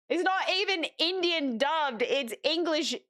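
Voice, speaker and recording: A woman's voice: high-pitched, lively intonation, drawn-out words, fairly bright tone. A young adult woman streaming, chatting casually in a slangy way and laughing easily. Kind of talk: casual chat.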